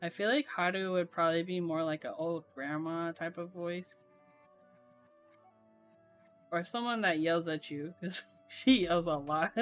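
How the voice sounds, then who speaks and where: Young woman, streamer, casual chat, low-pitched, flat monotone delivery, frequent giggles, slow talker. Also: soft background music. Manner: self-described monotone voice, laughs often. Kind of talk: casual chat while building a keyboard on stream.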